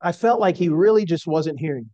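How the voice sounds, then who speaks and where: A middle-aged man preaching a sermon in an earnest, slow and emphatic way. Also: on the high side, expressive, warm tone, no room sound, muffled recording.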